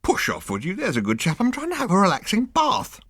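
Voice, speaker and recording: Brief: man playing a relaxed, drowsy captain, soft and unhurried, dry close sound. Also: high voice, no room sound, voice pushed up, full character voice. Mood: mild. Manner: soft, mild, unbothered. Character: languid, gentle male ship captain lounging.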